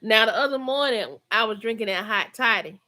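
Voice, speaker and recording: Fairly high-pitched and fairly quick, with lively intonation and a sharp edge, this middle-aged woman hosts a casual home livestream. She chats with viewers and reads their comments live in a Georgia Southern accent, laughing often and using Southern slang.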